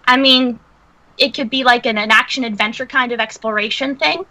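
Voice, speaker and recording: Woman player in a tabletop game, blunt, wry, swears a lot, bright voice. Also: fairly high pitch, fairly even intonation, fairly quick, poor audio.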